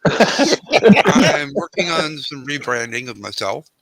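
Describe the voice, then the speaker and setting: A man in a casual group chat who explains things in quick bursts. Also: a little high, very animated, fairly bright tone, slight background noise, low-quality recording. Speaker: panelist.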